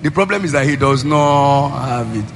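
A man with a Nigerian accent preaching a sermon as pastor, in a sing-song cadence that rises into shouted emphasis. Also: mid-range voice, expressive, normal speed. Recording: long hall reverb, faint music.

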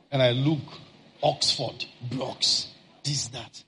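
A man preaching, telling a personal story in an animated way and acting out shouted outbursts. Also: on the high side, slow pace, creaky, pauses often.

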